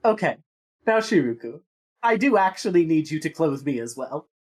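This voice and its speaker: Talkative, grandiose young woman, low voice; played by a woman. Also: very animated, moderate pace, a little mellow. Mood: grand.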